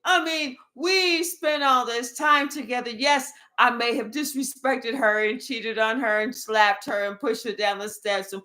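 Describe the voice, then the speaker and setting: Woman doing a high, sharp-toned whiny ex, indignant and self-pitying. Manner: whiny, shouting, self-justifying.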